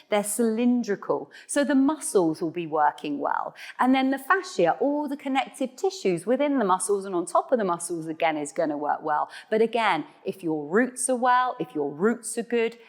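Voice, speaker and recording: A woman's voice: medium pitch, animated, normal speed, hardly any pauses. A woman teaching an online Pilates class, cueing breath and counting reps with encouraging, chatty explanations. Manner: playful asides to viewers. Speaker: Pilates instructor. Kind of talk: guided online exercise class.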